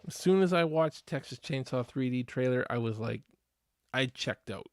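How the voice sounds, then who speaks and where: A man's voice: medium pitch, normal speed, no echo, clean studio sound. A man hosting a casual live stream reaction, chatting to viewers in a rambling, easygoing way with many restarts.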